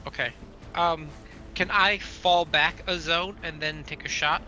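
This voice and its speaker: A man plays a tabletop game, hesitantly asking how the rules work. His voice sits fairly high and sounds bright and forceful, with soft music behind. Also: steady tone, a little slow. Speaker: player. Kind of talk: casual tabletop game chat.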